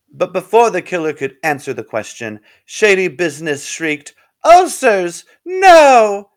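Brief: a playful male storyteller with a swooping, animated delivery. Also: medium pitch, a little hiss or hum. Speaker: narrator. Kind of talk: comic storytelling.

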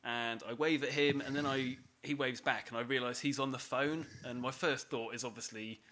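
A man's voice: medium pitch, steady tone, normal speed, sharp tone. A man on a podcast, animatedly telling a story through laughter and swearing. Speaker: podcast co-host. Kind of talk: casual storytelling chat.

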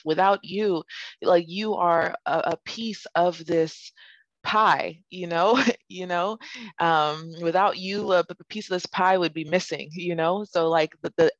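A woman giving a relaxed, rambling spiritual talk on conscious parenting, with many fillers and restarts. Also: lowish voice, dry recording. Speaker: parenting speaker. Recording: dry, slightly dull lo-fi sound.

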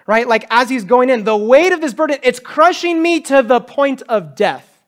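Animated male preacher. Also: very high-pitched, normal speed. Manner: animated preaching, acts out quotes with raised voice. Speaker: pastor. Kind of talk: sermon. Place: church.

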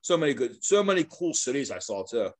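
Talking at a quick pace in a mid-range voice, this longtime sports mascot, a middle-aged guest, spins casual stories with plenty of animation. He laughs a lot and performs other people's lines as he goes.

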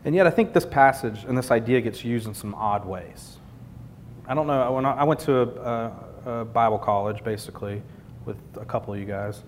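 A man preaching a sermon in an earnest, conversational way, building points through repetition. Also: a little fast. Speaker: pastor. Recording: long hall reverb, faint rumble.

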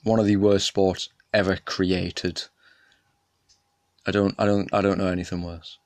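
A young man hosting a solo podcast, ranting with indignation and often jumping up in pitch and volume. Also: flat delivery, a little slow, no room sound. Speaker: podcast host. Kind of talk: casual solo podcast rant.

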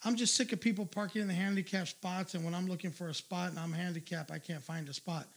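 A man's voice: high voice, steady tone, quick pace. A man hosting a livestream, telling a crude story in a profane, ranting casual way. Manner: profane, ranting, loud asides. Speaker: livestream host.

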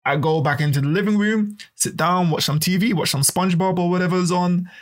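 A man hosting a podcast in a casual, animated way, often repeating his words. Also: high voice, brisk, few pauses. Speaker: podcast host.

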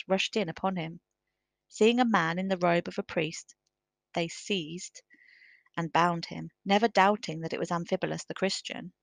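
A woman narrating a storybook in a measured, careful reading. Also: lowish voice, gravelly, dry recording.

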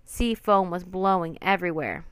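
A woman reading a children's adventure book aloud with expressive, dramatic narration. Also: on the low side, moderate pace, smooth, dry recording. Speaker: storyteller.

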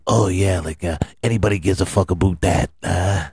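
A man hosting a sports podcast, running through the standings with crude jokes, sudden loud outbursts, sing-song bits and laughter at his own gags. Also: sits low, fairly even intonation, unhurried, pauses often, slightly rough, no room sound, clean studio sound. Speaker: podcast host. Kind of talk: profane comedic sports rundown.

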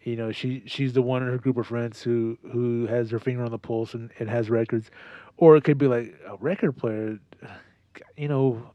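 A man's voice: mid-range voice, fairly even intonation, normal speed, mellow, dry recording, dull audio. A man co-hosting a casual chat, rambling through stories and jokes. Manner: rambling, joking, storytelling.

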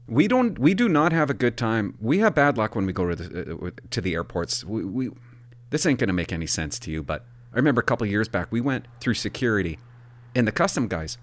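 A podcast host tells rambling, casual stories, animatedly acting out other people's lines with voices and whispers. His voice is on the low side and he talks a little fast.

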